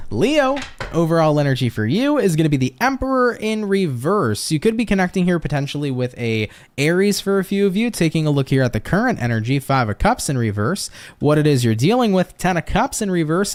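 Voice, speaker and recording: An upbeat man from the United States hosts a casual live-stream tarot reading. His voice sits a little high for a man and swings widely in pitch. He talks with loose swearing and pep-talk catchphrases, and he chats with viewers between cards. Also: a little hiss or hum. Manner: chats with viewers and reads their comments.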